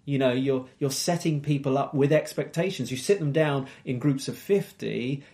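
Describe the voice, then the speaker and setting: A man's voice: medium pitch, normal speed, darkish tone. A man giving a sermon, retelling a Bible story and asking reflective, rhetorical questions with frequent hesitations. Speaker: preacher.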